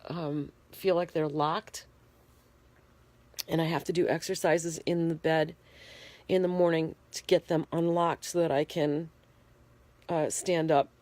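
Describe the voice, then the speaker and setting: A woman's voice: deep voice, flat delivery, a little mellow. A congested, shivering woman talking plainly to her phone from her bed in a casual video diary. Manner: plain, unhurried, explaining in detail. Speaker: vlogger. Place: bedroom, in bed. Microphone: phone held in hand.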